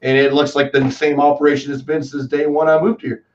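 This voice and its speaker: A man in his twenties with a Texan accent, a guest talking in a rambling, excitable way and calling people dude and man. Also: a little high, a little fast, crowd noise. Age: 20s. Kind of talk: casual chat. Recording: distant, dull lo-fi call audio.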